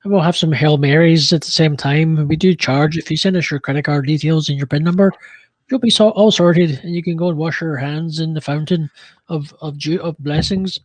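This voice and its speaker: A man putting on a joking priest who takes confessions for a fee, in a loud, theatrical sales-pitch manner. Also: steady tone, brisk, no echo, natural voice. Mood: mock solemn. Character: mock priest hearing confessions, greedy, jokey.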